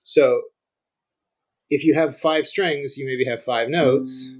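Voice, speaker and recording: A man's voice: medium pitch, steady tone, slow pace, poor audio. A middle-aged man, a guest scholar, explaining ancient music in conversation, thinking aloud with frequent restarts. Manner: thinks aloud, restarts often, demonstrates on guitar.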